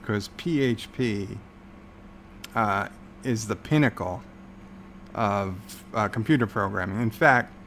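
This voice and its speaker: Slow, gravelly-voiced man rambling sarcastically. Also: lowish voice, fairly bright tone, a little hiss or hum. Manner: rambling, sarcastic, many filler words. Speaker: livestream host. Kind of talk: casual livestream chat.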